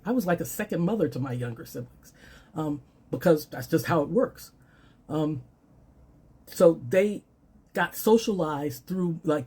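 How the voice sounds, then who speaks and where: A woman's voice: fairly low pitch, warm tone, husky. A middle-aged woman giving dating advice in a casual monologue, often checking in with "okay?" and "all right?" and brushing things off with "blah, blah.". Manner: dismissive "blah, blah" asides.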